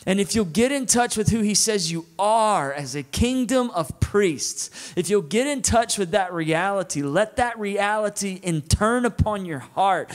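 A man with a Southern US accent preaching a sermon in a casual, conversational way, often checking in with "right?". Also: high voice. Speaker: guest preacher.

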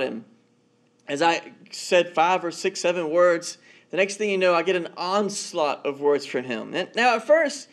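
A man's voice: sits high, lively intonation, measured pace, fairly bright tone. A man, a married father, giving a conversational sermon as pastor, telling stories and often repeating words as he goes. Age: adult, married father.

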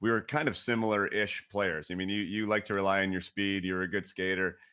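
A man hosting a hockey podcast, asking questions in casual interview style with halting restarts. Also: deep voice, steady tone, pushed and bright, smooth, dry recording, studio quality. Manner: halting, many restarts and fillers. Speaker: podcast host, former hockey player.

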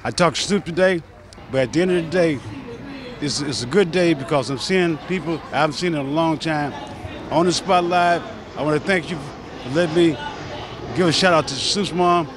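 Older guy, laid-back birthday shoutout, voice a bit high. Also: normal speed, background noise. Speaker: well-wisher. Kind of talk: recorded birthday greeting.

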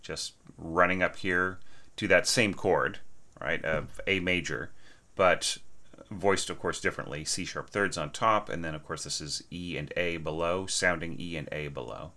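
A man's voice: low-pitched, a little slow, pushed and bright. A man giving an informal lecture on orchestration, enthusiastic, often checking in with "right?" and singing short phrases.

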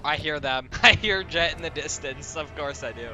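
A young man giving excited gameplay commentary in voice chat, swinging between loud yelps and muttered asides. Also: fairly high pitch, normal speed. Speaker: gaming YouTuber. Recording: game music playing under the voice.

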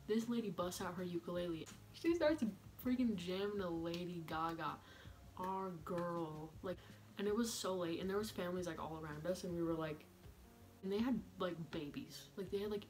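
A young woman vlogger telling a camping story in a chatty, animated way, full of "like" and quoted voices. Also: lowish voice, moderate pace. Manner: chatty, animated, heavy use of "like". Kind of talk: story time vlog.

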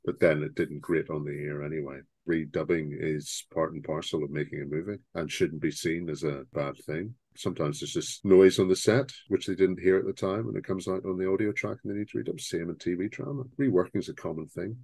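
A man's voice: low-pitched, fairly even intonation, fairly quick, gravelly, hardly any pauses, darkish tone, breathy edge, no room sound. A man co-hosting a podcast, giving opinionated, rambling film talk with many restarts. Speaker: podcast co-host. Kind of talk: casual film discussion.

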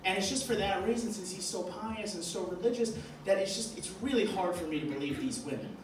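A man's voice: high-pitched, fairly quick, crowd noise. A man from Boston doing a stand-up comedy set, telling rambling stories full of fillers. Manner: rambling, filler-heavy storytelling. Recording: echoey club mic from far off. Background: audience laughter.

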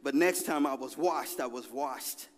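A man, preaching a lively, conversational sermon with call-and-response and a personal story in a large church. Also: medium pitch, a little slow. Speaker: pastor. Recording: long hall reverb.

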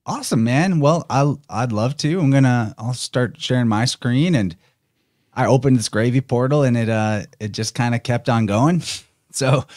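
A man's voice: mid-range voice, moderate pace, a little mellow, no room sound, studio quality. A man talking as a podcast guest, chatty and musing, laughing easily. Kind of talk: casual conversation.

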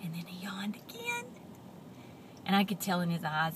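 A woman telling a story to children, animated and expressive, often dropping into whispers. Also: medium pitch, normal speed, background noise.

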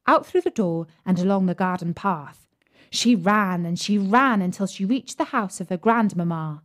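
Slow, deliberate woman storyteller. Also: medium pitch. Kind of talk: slow storybook reading for English learners.

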